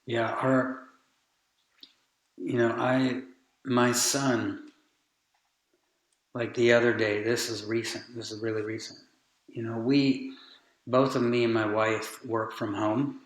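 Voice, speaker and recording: A man's voice: mid-range voice, takes it slowly, pauses often. A man telling a family story in earnest, casual conversation, acting out the people he quotes. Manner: earnest storytelling, animated retellings. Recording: roomy echo.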